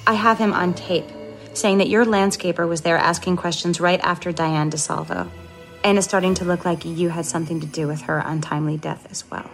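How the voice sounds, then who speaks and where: An actress playing a cold, scheming woman who confronts her sister with calm menace in a film drama. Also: fairly low pitch, a little fast, creaky, faint music behind. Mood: coldly menacing.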